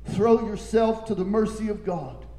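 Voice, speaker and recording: A man preaching an impassioned sermon, reading scripture slowly and building to shouts. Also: high-pitched, reverberant.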